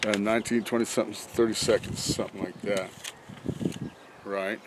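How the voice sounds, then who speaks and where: Working beside his truck outdoors, a man vlogs a review of a truck job in a low-side voice with little pitch movement and a moderate pace, over a noisy background. Out of breath from bending over, he rambles casually, chuckling and talking to himself.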